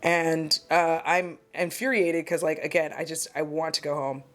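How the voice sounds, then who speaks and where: A woman's voice: low-pitched, fairly even intonation, normal speed. Chatty, candid woman vlogger rambling. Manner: self-deprecating, candid. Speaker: beauty vlogger. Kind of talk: casual get-ready-with-me chat.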